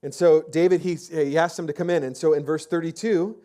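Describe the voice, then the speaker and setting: A man's voice: fairly high pitch, steady tone, a little fast, dark tone. A man preaching a sermon as pastor, telling the story in a casual, chatty way with lots of fillers and restarts. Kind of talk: conversational sermon.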